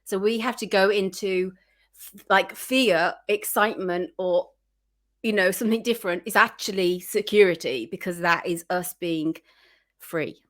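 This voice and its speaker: A woman's voice: mid-range voice, a little slow. A woman guest on an interview show, giving earnest, encouraging tips as a spiritual coach. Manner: earnest, encouraging advice-giver. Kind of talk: casual interview chat.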